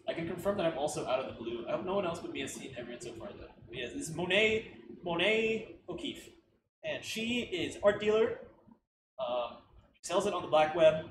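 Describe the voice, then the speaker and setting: A man rambles through a casual reaction commentary, thinking aloud with lots of fillers and easy laughter. His voice is fairly high and very lively in pitch. The mic sits away from him in a roomy space with steady noise behind. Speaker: reaction video host. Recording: roomy, distant mic with clear background noise.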